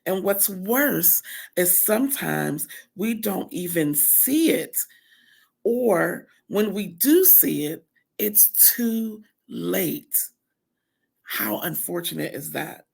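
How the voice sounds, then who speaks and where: Husky, gravelly-voiced woman teaching. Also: expressive, takes it slowly, a little mellow. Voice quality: deep, husky morning voice. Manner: earnest, emphatic repetition of lists. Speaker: speaker at a women's camp. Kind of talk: faith-based motivational teaching.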